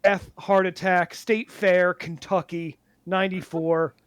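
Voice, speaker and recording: High-voiced man bantering on a podcast. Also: smooth, no echo. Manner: halting, full of restarts and fillers, deadpan joking. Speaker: podcast co-host.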